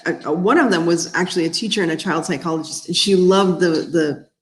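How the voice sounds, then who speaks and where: Answering viewer comments on her casual livestream, this Miami author and crafting host rambles in a chatty way. She talks fairly quickly in a lowish voice, with a roomy sound to the audio.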